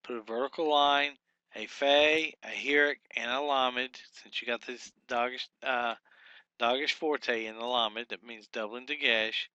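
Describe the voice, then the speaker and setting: A man walks through a workbook lesson one step at a time, thinking aloud and slowly sounding out each syllable. His voice is bright and forward at a middle pitch. The recording is close and dry, with no room sound. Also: fairly even intonation, smooth, no room sound, lo-fi sound. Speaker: Hebrew teacher.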